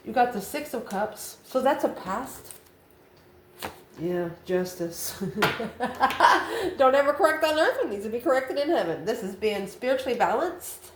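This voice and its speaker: A woman's voice: fairly high pitch, sing-song, normal speed. Chatty woman reading tarot cards. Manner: chatty, calls listener honey, laughs between cards. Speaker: tarot reader. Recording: roomy echo, faint ambient noise.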